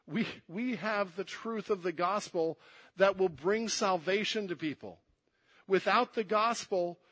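A man preaching a sermon, moving between hushed and emphatic delivery and repeating words to press his points. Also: sits high.

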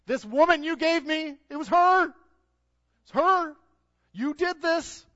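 A man preacher putting on the voice of a whiny grown man who shrilly and loudly blames others. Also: lively intonation, slow, long reverb tail, full character voice. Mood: accusing. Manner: shrill, accusing, shouting the blame. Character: whiny grown man blaming everyone around him. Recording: dull lo-fi sound.

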